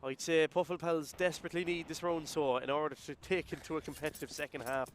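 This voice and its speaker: A man doing play-by-play commentary on an esports match as caster, getting excitable on big plays. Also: fast, a little hiss or hum. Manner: excitable, voice jumps high and loud in big plays.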